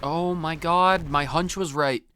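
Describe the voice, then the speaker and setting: A man's voice: on the high side, fairly even intonation, a little slow, bright, forceful tone, a little hiss or hum. A man hosting a let's play, giving wry, joking game commentary.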